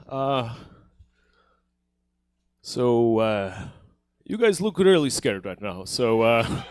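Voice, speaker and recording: A man's voice: medium pitch, very animated, slow, pauses often, fairly bright tone. A man born in Ukraine doing a playful, self-deprecating stand-up set on a comedy theater stage.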